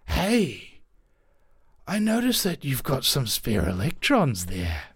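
Dude doing a slick schmoozy hustler, slow and drawn out, lower than his own voice. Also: huge pitch swings, husky, no room sound, clean studio sound, full character voice. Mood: schmoozing. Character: smooth-talking male con man, flattering thief.

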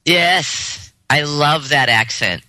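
Male host, rambling chatty delivery, very bright, dry sound. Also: on the high side, slow, dry recording, poor audio. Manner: rambling, many restarts and fillers, laughs easily. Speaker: podcast host. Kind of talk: casual podcast discussion.

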